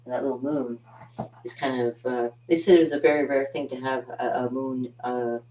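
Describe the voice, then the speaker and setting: A woman's voice: moderate pace, slight background noise. Giggly woman streaming live from her studio. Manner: giggly, rambling, laughs often between phrases; animated, big jumps up in pitch when excited. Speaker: party artist and live-stream host. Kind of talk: casual live-stream chat.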